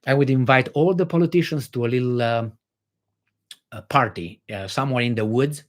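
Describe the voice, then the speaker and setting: A man's voice: mid-range voice, moderate pace. A man from Romania with a Romanian accent, hosting a livestream and reacting to viewer chat in a blunt, sarcastic way with some swearing. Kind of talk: casual livestream commentary.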